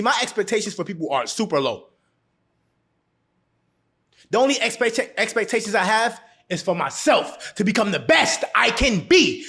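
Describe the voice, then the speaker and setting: Animated high-voiced man giving blunt advice. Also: creaky. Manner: blunt, animated, laughs often; repeats phrases for emphasis. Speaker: relationship advice vlogger. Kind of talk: casual advice monologue to camera.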